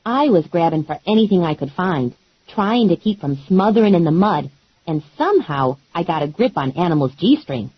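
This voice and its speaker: A woman narrating an audiobook in first person with a wry, deadpan comic delivery. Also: fairly low pitch, moderate pace, husky, no room sound, highs cut off.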